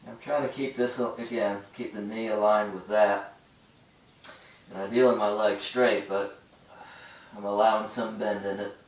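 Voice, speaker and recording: A man's voice: fairly low pitch, steady tone, roomy sound, distant mic, poor audio. Breathless man coaching a stretch. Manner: talks while holding stretches, pausing and breathing hard. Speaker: stretching instructor. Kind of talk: instructional demonstration.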